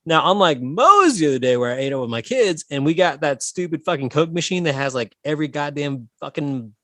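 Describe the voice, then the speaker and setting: A man in his thirties co-hosting a comedy podcast, telling animated stories and swearing freely. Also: fairly high pitch, a little fast, no room sound. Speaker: podcast co-host. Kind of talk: casual comedic chat.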